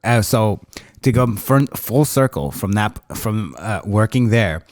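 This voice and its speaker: A man in his thirties hosting a podcast, telling long rambling stories in loose slang and throwing in bro every few lines. His voice sits a little low. The sound is dry and close. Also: lively intonation, unhurried, dry recording. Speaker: podcast host. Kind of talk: casual storytelling chat.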